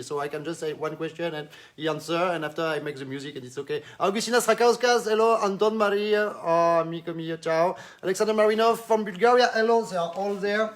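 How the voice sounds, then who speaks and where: High-voiced man hosting. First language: French. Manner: chatty, greets viewers by name. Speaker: host. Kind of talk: live-stream interview.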